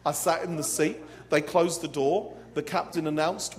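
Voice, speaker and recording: A man's voice: fairly high pitch, steady tone, moderate pace, few pauses. A man preaching a live sermon to a conference crowd in a hall, with dramatic, comic storytelling. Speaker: pastor.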